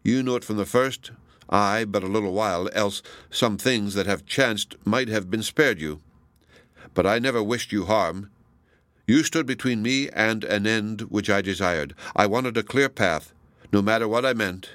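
A man's voice: lowish voice, normal speed, fairly bright tone, no echo, close to an everyday voice. A man reading as a proud queenly woman. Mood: proud, bitter.

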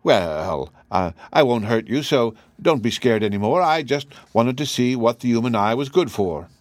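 A man's voice: mid-range voice, lively intonation, normal speed, no room sound, lightly acted. A man voicing an older country wife in a storybook reading, anxious and wailing in a raised voice. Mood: curious.

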